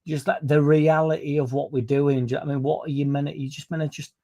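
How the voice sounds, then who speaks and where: On a football fan channel's livestream, a man reads viewer comments from the live chat aloud and responds, keeping it loose and casual. His gravelly voice sits a little high, with a dark, mellow tone, a flat delivery and a fast pace. He rambles, swears freely and mocks critics by putting on a raised voice.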